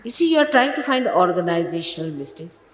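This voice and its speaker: A woman's voice: fairly low pitch, very animated, fairly quick. A woman, a spiritual teacher, giving an admonishing sermon to her followers in an old archival recording. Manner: scolding, admonishing, emphatic. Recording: old archival recording with long reverb and faint hiss.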